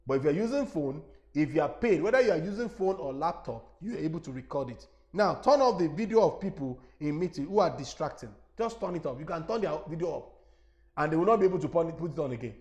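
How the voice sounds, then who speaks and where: Animated Nigerian man teaching a webinar. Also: on the high side, fast talker. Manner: animated, repeats himself, addresses listeners directly. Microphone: lapel mic.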